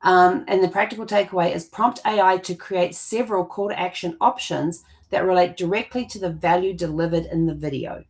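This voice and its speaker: A woman co-hosting a casual conversation with a somewhat low voice. She explains in long, loose runs, trailing off and restarting often. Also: fairly even intonation, brisk, few pauses, darkish tone. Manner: rambling, with many fillers and restarts. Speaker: co-host.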